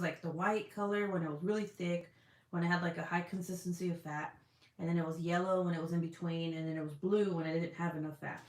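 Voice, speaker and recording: A woman's voice: lowish voice, a little mellow. A woman chatting casually with her livestream audience, candid and chatty, swearing freely as she talks. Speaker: livestream host. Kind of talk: casual chat. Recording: roomy echo.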